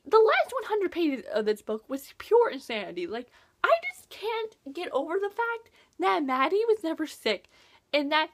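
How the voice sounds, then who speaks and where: A teenage girl chatting casually about a book she has read, gushing and chatty, with lots of "like" fillers and lively reactions. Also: high voice. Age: teens. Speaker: book reviewer. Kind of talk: casual book review vlog.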